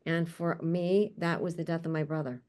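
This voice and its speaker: A woman hosts an online panel over a video call, introducing each guest warmly. She is chatty and laughs often, with friendly asides between names. Her voice sits slightly low for a woman. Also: fairly even intonation, normal speed. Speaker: panel host.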